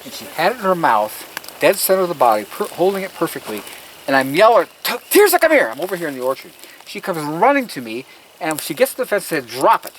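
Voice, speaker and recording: A man speaking a little fast in a fairly high, sing-song voice tours his garden outside, sharing casual stories earnestly and emphatically, with preacher-like asides. The recording is low quality, a field recording with outdoor noise.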